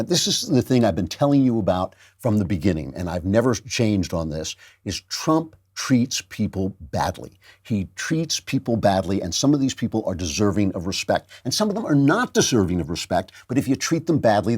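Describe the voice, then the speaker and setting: A man's voice: on the low side, very animated, a little fast, few pauses, a little mellow, slightly rough. A man hosting a political commentary show, sarcastic and emphatic, repeating his points. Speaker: host.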